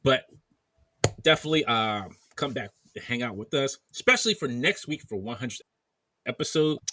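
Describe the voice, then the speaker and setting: A man's voice: mid-range voice, moderate pace, background noise. A man hosting a casual podcast chat, reading off viewer names in a running list. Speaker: podcast host. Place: at home in bed, wearing headphones.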